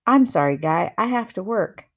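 A woman's voice: mid-range voice, lively intonation, moderate pace, lo-fi sound. A woman voicing a tired, grave middle-aged father in a storybook reading. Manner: grave, quiet.

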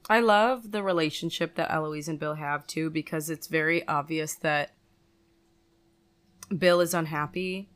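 A woman's voice: low voice, unhurried, a bit bright. A woman guest on a podcast, talking casually about a movie she loves in a chatty way, with lots of "like".

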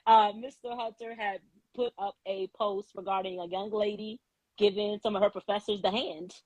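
An outspoken, chatty woman hosts a live online podcast, laughing easily between points. Her voice is a little husky and sits in a middle register. The sound is dry and close, with no room around it. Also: mid-range voice, fairly even intonation, normal speed, a little mellow, dry recording, poor audio. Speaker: podcast host.

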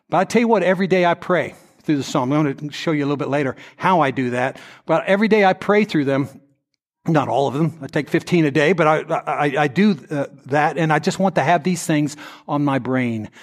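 A male pastor preaching to his congregation, dramatic as he voices the prayers of troubled people. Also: sits high. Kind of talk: sermon. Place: church sanctuary with congregation.

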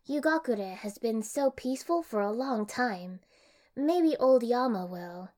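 A woman voicing a friendly, gossipy older village woman in a bright, chatty, animated way, as an audiobook character. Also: fairly high pitch, unhurried, voice pushed up. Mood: musing.

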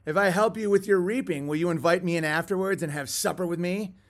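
A man's voice: sits high, fast, natural voice. A man voicing a sly male cannibal who speaks with false, pious friendliness while reading a parable aloud. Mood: wheedling. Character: sly smiling male cannibal feigning piety.

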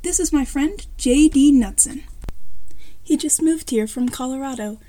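A woman's voice: high-pitched, unhurried, mellow, voice pushed up. A woman voicing a cheerful, helpful boy with many sisters in a story reading.

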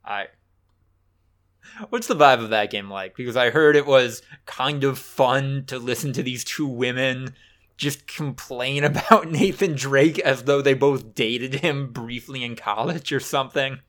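A man's voice: medium pitch, unhurried, fairly bright tone. Wry young man in casual chat. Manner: wry, asks questions, chuckles. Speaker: podcast co-host.

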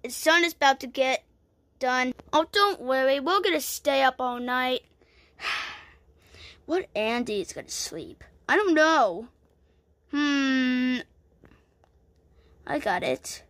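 A woman's voice: high-pitched, animated, takes it slowly, pauses often, a bit bright, no room sound. A woman narrating an improvised toy play, playful and full of exclamations as she voices the toys.

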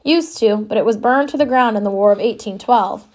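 A woman reading an audiobook voices a loud, blunt old country grandmother with tart, deadpan wit. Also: fairly high pitch, fairly quick, natural voice.

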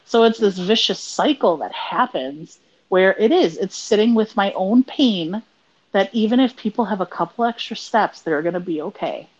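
A woman co-hosting a podcast in casual chat, animated, laughing often and trailing off into restarts. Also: medium pitch, normal speed, muffled recording. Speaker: podcast co-host.

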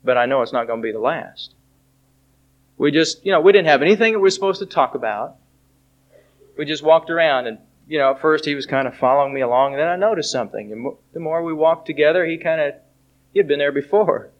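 A man's voice: fairly high pitch, lively intonation. Earnest preaching man, muffled recording. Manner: earnest, storytelling, recites song lyrics slowly. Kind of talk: sermon. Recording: dull lo-fi recording.

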